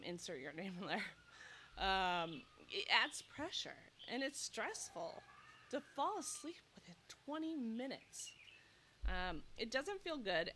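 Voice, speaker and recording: Bright-voiced nurse talking outdoors. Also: female voice, medium pitch, slight background noise. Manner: animated, acts out anxious inner thoughts. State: slightly out of breath. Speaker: nurse and sleep coach. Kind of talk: casual direct-to-camera advice talk. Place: outdoors in humid heat. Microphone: clip-on mic, loosening.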